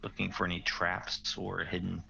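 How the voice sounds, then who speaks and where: A man's voice: sits low, level tone, moderate pace, vocal fry, pushed and bright. A man playing a tabletop game, describing his character's actions in a rambling, casual way on a dull lo-fi recording. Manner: rambling, many restarts.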